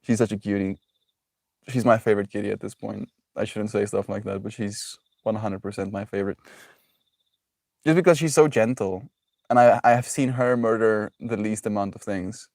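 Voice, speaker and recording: A man's voice: fairly low pitch, steady tone, normal speed, vocal fry, a little mellow, no echo, studio quality. A young man chatting casually on a live stream, reading chat messages aloud and laughing often in a joking way.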